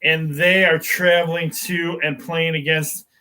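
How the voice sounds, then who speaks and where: A man hosting a small sports talk show with an unhurried, rambling delivery. His voice is bright and forceful, and he keeps stopping and restarting his sentences. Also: fairly high pitch, level tone, low-quality recording. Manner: rambling, with frequent fillers and restarts.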